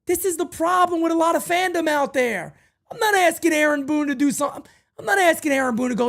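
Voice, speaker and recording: A male host of a fan show, emotional and ranting, swinging from low muttering to shouting. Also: fast talker.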